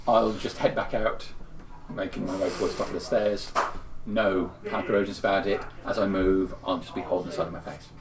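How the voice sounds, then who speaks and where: A man playing a tabletop role-playing game, calmly describing his character's moves. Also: low voice, a little fast, echoey room, distant mic, crowd noise, poor audio. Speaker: player. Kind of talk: casual tabletop play.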